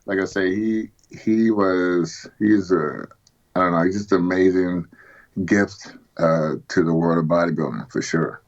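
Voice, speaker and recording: A man's voice: sits low, fairly even intonation, a little slow. A man, a guest on a remote interview, talking in a laid-back, rambling way with lots of fillers. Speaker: guest, retired pro bodybuilder. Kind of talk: casual interview chat. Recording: dull lo-fi call audio.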